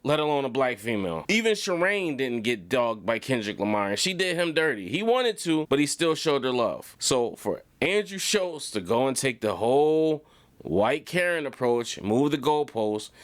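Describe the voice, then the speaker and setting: A man giving blunt reaction commentary in a casual, conversational way. His voice is smooth and resonant, recorded close and dry. He often circles back and repeats a phrase to drive it home. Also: mid-range voice, no echo. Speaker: commentary channel host.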